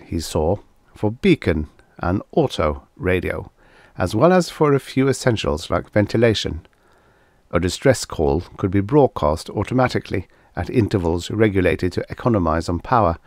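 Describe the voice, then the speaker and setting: A man with a very low, deep voice reads a vintage science fiction story aloud in a measured, steady way. The sound is dry and close, with no room echo at all. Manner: measured, even reading. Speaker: audiobook narrator. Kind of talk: scripted story narration.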